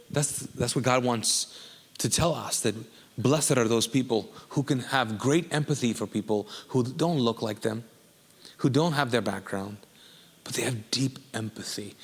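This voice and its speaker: A man's voice: mid-range voice, husky, long reverb tail. A man from Kuwait, a pastor preaching a sermon in a casual, joking style that often asks the congregation questions.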